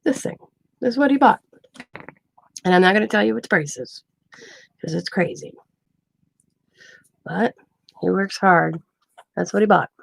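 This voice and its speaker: Recorded dry, this middle-aged craft vlogger has a mid-range, slightly rough, creaky voice that sounds animated at a measured pace with frequent pauses. Chatting at home, she spins stories, performs quoted lines, and keeps breaking into laughter mid-sentence.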